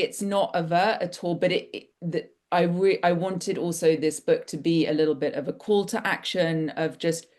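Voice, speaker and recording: Woman, author, rambling, enthusiastic, video call audio, slightly low voice. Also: darkish tone. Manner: rambling and enthusiastic, with many restarts. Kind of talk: casual discussion at an online book launch.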